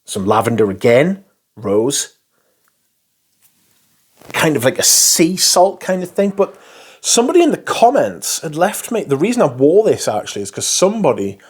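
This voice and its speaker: A man's voice: on the high side, sing-song, normal speed, breathy edge. A man chatting casually and enthusiastically about perfumes, swearing freely and rambling between thoughts. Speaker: fragrance reviewer. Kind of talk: casual chat.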